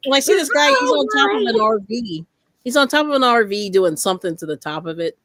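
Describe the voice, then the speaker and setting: A woman hosting a casual craft chat, telling stories in a lively way, laughing often and greeting viewers. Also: a little high, fast talker, no echo, studio quality. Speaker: host.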